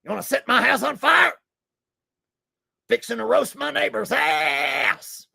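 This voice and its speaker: Guy doing a gravelly conspiracy radio host, screaming and ranting way up high. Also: sing-song, unhurried, pushed and bright, no echo, clean studio sound, full character voice. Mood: unhinged ranting. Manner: bellowing, unhinged, profane. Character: ranting middle-aged male conspiracy radio host, furious.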